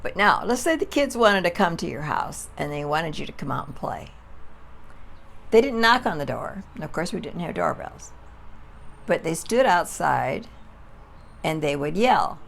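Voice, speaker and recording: A woman's voice: low voice, big pitch swings, normal speed, vocal fry, fairly bright tone, a little hiss or hum. A woman in her eighties reminiscing in a chatty, rambling way on her front porch for a vlog. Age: 80s. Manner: chatty, rambling, calls out names in a sing-song. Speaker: vlogger.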